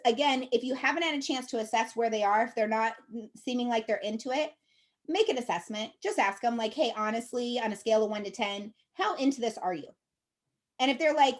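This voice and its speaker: A woman with a slightly high voice coaches her sales team in a chatty, upbeat way. She keeps checking in with her listeners as she talks, and she sounds encouraging throughout. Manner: chatty, checks in with frequent "okay?" and "right?". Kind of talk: casual coaching talk to a team.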